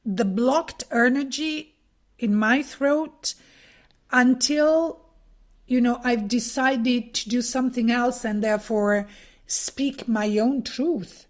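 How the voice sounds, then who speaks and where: A woman in her fifties hosts a podcast, her voice sitting a little high. She speaks slowly and thoughtfully, with many fillers as she gathers her points. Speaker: podcast host. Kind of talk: casual podcast conversation.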